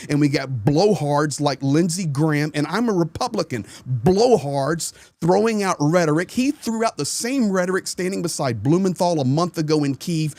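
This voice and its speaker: A man's voice: fairly high pitch, expressive, normal speed, few pauses, a little mellow, dry recording. A man from the United States hosting a political talk show, ranting angrily and emphatically about foreign policy. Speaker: host. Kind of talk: heated political commentary.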